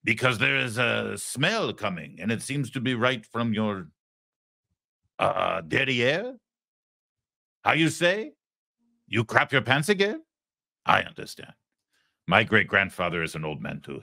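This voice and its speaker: A man's voice: fairly low pitch, sing-song, measured pace, creaky, long pauses, sharp tone, dry recording, clean studio sound, pitched below the performer's own voice, full character voice. A man putting on a comic French accent to voice a snooty, mocking male president. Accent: put-on French. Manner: exaggerated, clumsy comic accent.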